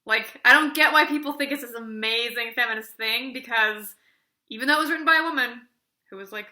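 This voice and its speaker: Sarcastic woman book reviewer, bright sharp voice, roomy echo. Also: fairly high pitch, fairly quick. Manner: sarcastic, rambling, heavy on "like". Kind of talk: casual video book review. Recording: echoey room.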